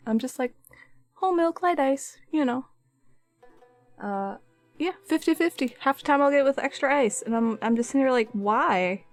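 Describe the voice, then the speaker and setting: A woman streaming her art, chatting casually and a bit sassily with her viewers while she paints. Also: fairly high pitch. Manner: chatty, sassy, talks to chat.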